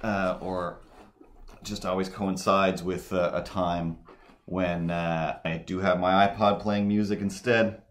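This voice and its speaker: A man with a low, deep voice chats casually while he draws on a live stream. He rambles, loses his thread, and circles back with filler words. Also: level tone, slow. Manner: rambling, full of fillers and restarts. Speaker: livestream host.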